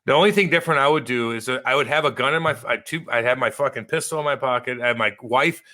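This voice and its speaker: A man's voice: mid-range voice, quick pace, sharp tone. A man hosting a podcast in casual chat, brash and heavily profane, ribbing his co-host.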